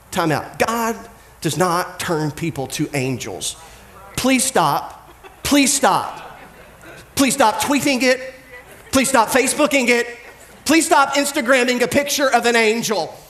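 The sound is roomy as a pastor, fairly high-voiced for a man, preaches in a relaxed and chatty manner. He stays humorous and direct, tossing in quick impressions of the figures in his anecdotes.

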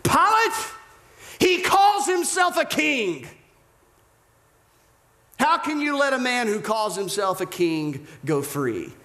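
A man voicing a scheming high priest whose urgent voice swoops from high to low. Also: big pitch swings, takes it slowly.

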